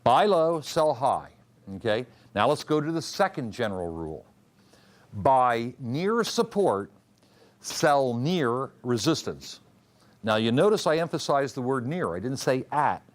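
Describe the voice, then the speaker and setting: Lively man drilling a class. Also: medium pitch, moderate pace. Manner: questions the class and drills answers. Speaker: trading instructor. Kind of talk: classroom lecture.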